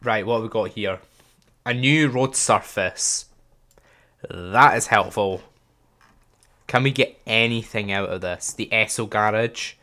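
A man's voice: on the low side, unhurried, long pauses, bright, forceful tone. A young man hosting a gaming channel, thinking aloud in casual, chatty gameplay commentary and joking at his own expense.

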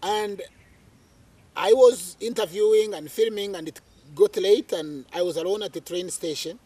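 A man from Uganda, an interview guest telling a story in conversation. He is animated and repeats phrases for emphasis. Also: sits high, moderate pace, breathy edge, no echo.

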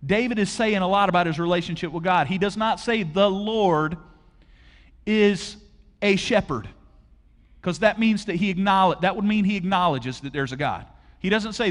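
A man's voice: high-pitched, animated, normal speed. A man preaching a conversational sermon to a church audience, asking them questions directly. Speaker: pastor. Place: large church auditorium. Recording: long hall reverb.

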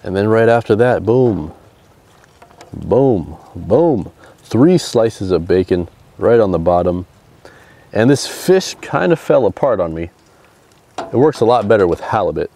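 Upbeat male outdoor vlogger, low and warm, talking through his cooking on the shore. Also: animated, moderate pace. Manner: upbeat, chatty, narrating as he cooks. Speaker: fishing vlogger. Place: outdoors on a seashore.

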